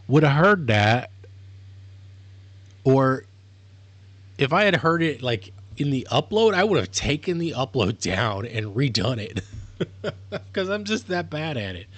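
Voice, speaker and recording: Man, livestream chat, rambling and explanatory, medium pitch, dry close sound. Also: big pitch swings, takes it slowly, long pauses, fairly bright tone, no room sound. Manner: rambling, self-correcting, explanatory. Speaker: streamer. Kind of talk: casual livestream monologue.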